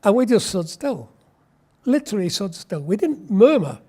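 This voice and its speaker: A man's voice: high voice, big pitch swings, moderate pace, dark tone. A man, telling a wry, anecdotal war story in an oral history interview. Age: 80s.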